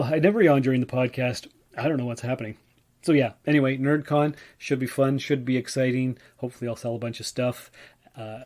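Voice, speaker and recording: A man's voice: medium pitch, darkish tone. A man from Ontario, Canada, tired and yawning, talking through a casual solo podcast in a chatty, rambling way full of fillers. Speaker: podcast host.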